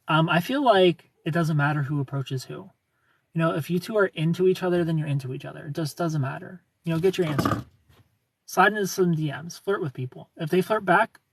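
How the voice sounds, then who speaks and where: Brief: casual streamer, British man doing an American accent, husky voice, distant mic. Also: a little high, no echo. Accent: American, put on by a British speaker. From Britain. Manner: chatty, reads comments aloud, laughs often. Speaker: livestream host answering chat. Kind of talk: casual livestream chat.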